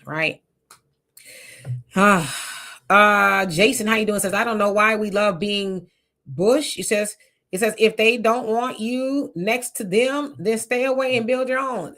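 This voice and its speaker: A woman hosting a casual live stream, reading viewer comments aloud and answering them in an animated, talkative way. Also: mid-range voice, unhurried. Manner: animated, talks back to comments.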